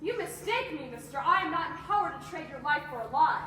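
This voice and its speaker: A woman's voice: sits high, lively intonation, noisy background. Girl playing a stern pious magistrate. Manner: insistent, drawn-out questioning. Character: stern pious magistrate man, pressing for confession. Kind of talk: high school stage play. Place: school auditorium stage. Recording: echoey hall from far off, phone.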